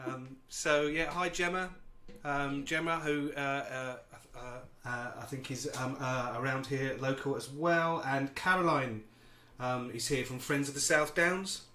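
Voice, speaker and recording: A man's voice: medium pitch, steady tone, a little slow, sharp tone, reverberant. A man hosting a livestream, reading out greetings from the chat hesitantly, with many ums and uhs. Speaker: host.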